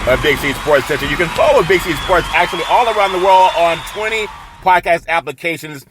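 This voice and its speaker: A man hosting his own sports podcast, talking casually and excitedly, shouting catchphrases and laughing at himself. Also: on the high side, a little fast, background noise. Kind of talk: casual sports talk show monologue.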